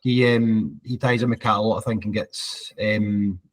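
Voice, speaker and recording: A man's voice: lowish voice, fairly even intonation, moderate pace. A Scottish man co-hosting a running podcast, chatting casually with many fillers. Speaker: podcast co-host. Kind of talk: casual chat.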